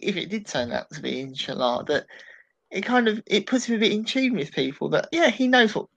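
A man with an animated, rambling delivery, giving his take on a political debate in a casual podcast discussion. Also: sits high, fairly quick, gravelly, poor audio. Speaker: political commentator.

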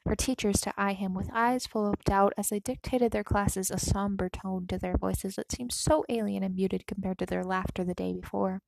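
A woman narrating a story aloud in a soft, emotional reading that sometimes drops to a whisper. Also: medium pitch, fairly even intonation, normal speed, gravelly, few pauses, no echo, rough recording. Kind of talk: reading fan fiction aloud.

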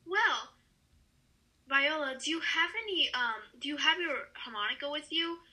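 A woman's voice: high voice, animated, moderate pace, sharp tone, low-quality recording. A woman hosting a comedy sketch interview, asking chirpy, eager questions. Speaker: podcast host.

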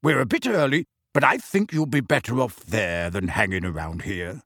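A man reading an audiobook voices a kind, cheerful middle-aged father who speaks slowly and bracingly. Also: mid-range voice, animated, fairly bright tone, no room sound. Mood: calm.

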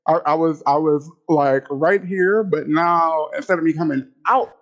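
A male podcast co-host chats casually, animated and excitable, repeating himself and often breaking into high laughter. The audio runs a little slow, and the high frequencies are cut off.

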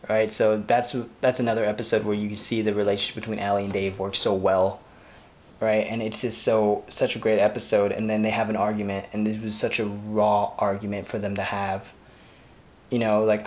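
A man's voice: fairly low pitch, flat delivery, normal speed, darkish tone. A man hosting a podcast, talking through a TV show in a rambling, gushing, heartfelt way. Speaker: podcast host. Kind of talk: casual solo TV review.

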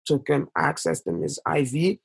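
A man's voice: sing-song, moderate pace, creaky, husky. A young man from Canada telling a painful story as a podcast guest, impassioned and full of fillers. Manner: impassioned, rises in pitch when upset, many fillers. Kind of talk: emotional storytelling in conversation.

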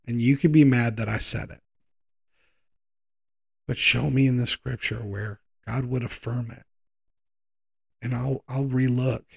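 A man preaching a sermon in a conversational way, slowing down for emphasis and speeding through quick asides. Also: medium pitch. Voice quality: gravelly, husky voice.

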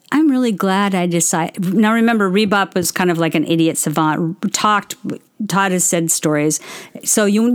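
A middle-aged woman casually chatting and telling stories to viewers, answering their questions. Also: lowish voice. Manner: chatty, storytelling, self-interrupting. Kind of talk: casual livestream chat.

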